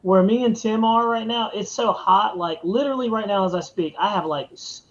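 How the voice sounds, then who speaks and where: Male podcast host, high voice, casual and laid-back, dull lo-fi stream sound. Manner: laid-back, drawn-out "dude" and "man", reads viewer comments aloud. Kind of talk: casual live-stream chat.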